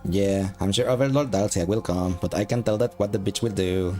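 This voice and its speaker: A man voicing a bitter, guilt-ridden male demon soldier who swears constantly in a flat monotone while reading game dialogue aloud. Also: deep voice, a little fast, soft background music, natural voice. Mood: commanding.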